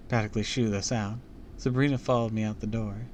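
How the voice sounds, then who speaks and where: A man's voice: on the low side, fairly even intonation, a little fast, darkish tone. A man streaming a live read-aloud of a book, breaking off into casual comments and jokes. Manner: chatty, comments and jokes between passages.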